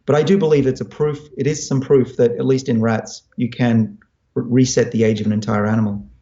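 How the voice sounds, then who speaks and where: A man's voice: mid-range voice, steady tone, a little fast, warm tone, reverberant, dull audio. A man in his fifties from Australia, a scientist thoughtfully explaining his work while answering audience questions. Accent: Australian with American-sounding turns. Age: 50s. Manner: thoughtful, explanatory, frequent restarts. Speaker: scientist guest.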